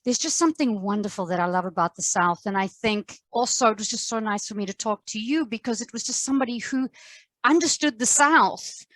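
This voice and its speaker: Effusive, lively woman podcast host. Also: on the high side, a little fast, dry recording. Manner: animated, effusive, laughs often. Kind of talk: casual chat.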